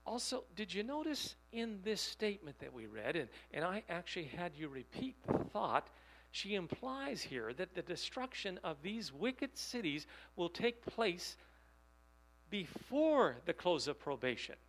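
A man preaching a sermon, reading quotations slowly and putting rhetorical questions to his listeners. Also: high-pitched, sing-song, fairly bright tone, low-quality recording. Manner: emphatic, rhetorical questions to the audience; reads quotations aloud slowly.

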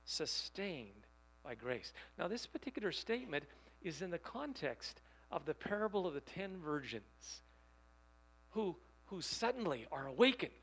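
A man preaching a sermon, reading quotations slowly and putting rhetorical questions to his listeners. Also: sits high, big pitch swings, fairly bright tone, rough recording. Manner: emphatic, rhetorical questions to the audience; reads quotations aloud slowly.

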